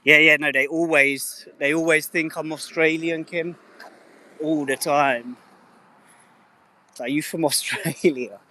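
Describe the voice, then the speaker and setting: A man's voice: on the high side, steady tone, slow, long pauses, sharp tone. A man in his thirties from England with a slightly mixed English accent, chatting casually to viewers on a live stream and swearing freely. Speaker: livestreamer.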